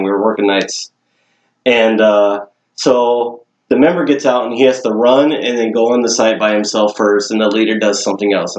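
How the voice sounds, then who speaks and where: A man's voice: fairly low pitch, roomy sound. A young man casually telling a story on a podcast, swearing and laughing often. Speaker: podcast co-host.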